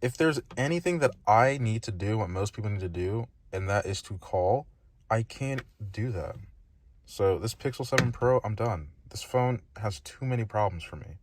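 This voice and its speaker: A man's voice: on the low side, expressive, normal speed, darkish tone, slight background noise. A man giving a casual tech review, emphatic and frustrated, speaking bluntly.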